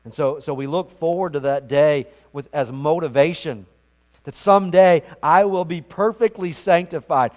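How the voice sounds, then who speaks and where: A man's voice: on the high side, moderate pace, a little mellow, muffled recording. A man preaching a sermon as pastor, earnest and emphatic, often repeating words as he goes.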